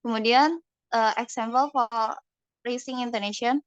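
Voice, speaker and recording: A young woman with an Indonesian accent giving a class presentation, reading slides haltingly with fillers. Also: on the high side, steady tone, clean tone, dry recording, rough recording. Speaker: student presenter.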